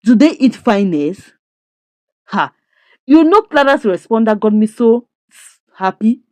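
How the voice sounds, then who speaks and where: A woman who recaps a drama series in an expressive, indignant way, full of rhetorical questions. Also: on the high side, measured pace, dry recording. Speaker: series reviewer. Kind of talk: animated story recap.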